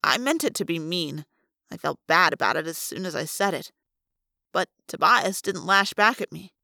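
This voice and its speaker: A woman reading a first-person novel aloud as an audiobook, lively and rising for the dialogue. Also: fairly low pitch, normal speed, gravelly, no room sound, clean studio sound. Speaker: audiobook reader.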